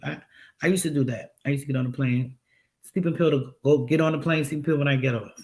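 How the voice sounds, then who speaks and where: A man's voice: fairly high pitch, brisk, bright, forceful tone. A man hosting a casual livestream chat, rambling and musing aloud with many rhetorical questions. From United States. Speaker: livestream host.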